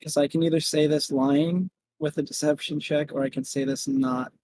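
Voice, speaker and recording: A man playing a tabletop role-playing game, talking animatedly in quick bursts. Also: on the high side, fairly even intonation, darkish tone, a little hiss or hum, low-quality recording. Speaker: player.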